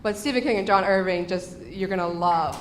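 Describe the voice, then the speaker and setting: A woman's voice: on the low side, fairly quick. A woman co-hosting a live podcast, steering the talk in an upbeat way. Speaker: podcast co-host. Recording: echoey noisy live event recording.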